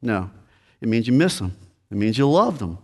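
A man's voice: medium pitch, big pitch swings, normal speed, a little mellow, breathy edge. Man preaching a conversational sermon. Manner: conversational preaching, addresses listeners directly. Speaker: pastor.

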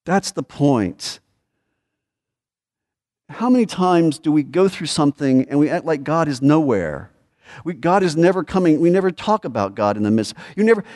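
Man preaching with sudden rising cries. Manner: conversational preaching with rhetorical questions and acted-out cries; swings between raised pleading lines and low quiet asides. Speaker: pastor. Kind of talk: sermon.

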